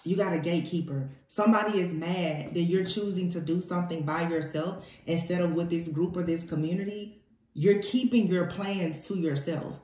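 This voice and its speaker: A woman's voice: fairly low pitch, normal speed, dark tone. A woman giving a spoken tarot reading, emphatic and repeating her key phrases for weight. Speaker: tarot reader. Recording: echoey room.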